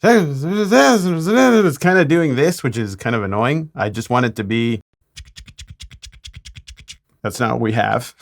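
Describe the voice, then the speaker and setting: Lower-voiced man explaining drum mixing. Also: unhurried, creaky, long pauses, faint music behind. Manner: relaxed explaining, playful asides. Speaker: mix engineer. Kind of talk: mixing tutorial.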